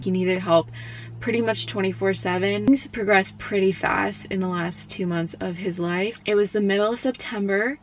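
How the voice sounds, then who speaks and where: A young woman talks straight to the camera in a personal vlog. Her voice is soft and often falters, and she is close to tears. She speaks in a mid-range pitch and leans on filler words as she goes. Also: a little hiss or hum. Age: young adult. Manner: soft, tearful, halting with many fillers. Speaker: college student.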